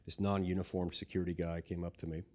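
A man's voice: low voice, flat delivery, fast talker, darkish tone. Man telling a dry, self-mocking story. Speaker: senator giving a speech. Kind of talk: humorous anecdotal speech.

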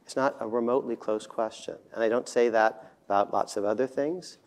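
Halting, joking male debate speaker. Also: medium pitch, steady tone, a little mellow. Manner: halting, filler-heavy, self-deprecating humor; dismissive confident emphasis. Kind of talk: debate speech.

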